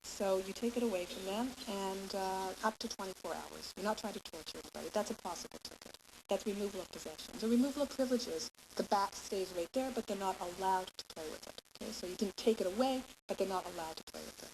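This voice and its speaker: A woman teaching parents in a lecture, laying out her points patiently and pausing to ask "okay?" as she goes. Her voice sits at an ordinary middle pitch. A clear, steady hiss runs under the whole recording. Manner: explanatory, keeps checking in with "okay?". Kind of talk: lecture to a class.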